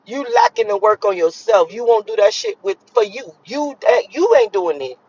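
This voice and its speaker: A woman's voice: medium pitch, very animated, moderate pace, hardly any pauses, darkish tone, husky. Woman vlogging, blunt and cussing a lot, preachy pep talk that rambles, muffled lo-fi audio. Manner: blunt, profane, preachy, wandering. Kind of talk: casual motivational talk to viewers.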